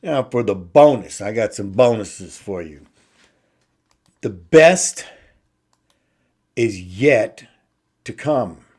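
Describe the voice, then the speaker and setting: A man hosting an inspirational talk show, slowly repeating simple phrases with emphasis. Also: fairly low pitch, expressive, darkish tone. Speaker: host.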